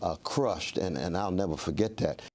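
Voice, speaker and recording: A man's voice: deep voice, normal speed, darkish tone. A man recounting events in an interview, impassioned and stumbling over restarts. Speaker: interviewee activist. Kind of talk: passionate interview testimony.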